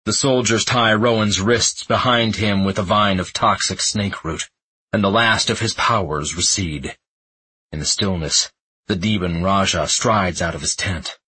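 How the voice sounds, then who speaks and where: Husky, slow audiobook narrator, a man. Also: low voice, pushed and bright, no echo, rough recording.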